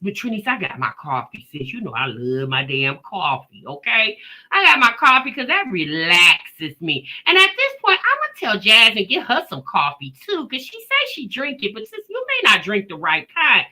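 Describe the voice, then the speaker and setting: A woman's voice: mid-range voice, wildly swooping pitch, normal speed, sharp tone. A woman hosting a casual livestream, greeting viewers by name and chatting, tired after a day at work. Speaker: reaction channel host.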